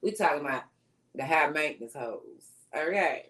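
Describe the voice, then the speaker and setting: A woman's voice: deep voice, expressive, moderate pace, a bit bright. A woman co-hosting a casual live-stream chat, talking in a laid-back, slangy way. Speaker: co-host.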